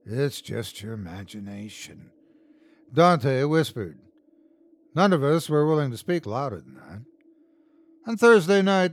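Man narrating a horror story. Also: a little high. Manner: tense, dramatic reading with acted shouts. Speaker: host and narrator.

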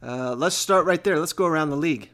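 A man's voice: a little high, fast, a bit bright. Upbeat man hosting a sports podcast. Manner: upbeat, joking with his cousin. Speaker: podcast host. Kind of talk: casual sports podcast chat.

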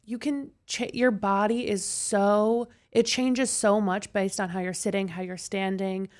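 A young woman telling stories on a podcast, enthusiastic and quick, with lots of fillers. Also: mid-range voice, fairly even intonation, darkish tone. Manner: enthusiastic, fast storytelling with many fillers. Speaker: podcast guest. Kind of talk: casual podcast chat.

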